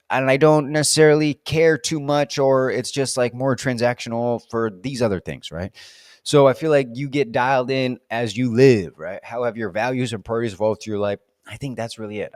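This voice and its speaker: A man's voice: mid-range voice, no room sound, studio quality. A man in a casual solo vlog, rambling through reflective questions and talking to himself in a playful, self-deprecating way while standing up to film. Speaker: vlogger answering reflective questions. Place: indoors, standing while filming.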